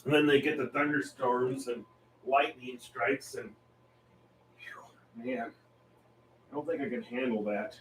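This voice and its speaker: A man's voice: medium pitch, steady tone, slow pace, pauses often, far from the mic, slight background noise. A man hosting a painting stream, chatting casually in a rambling, easygoing way and laughing often. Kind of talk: casual chat while painting. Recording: roomy sound, off-mic.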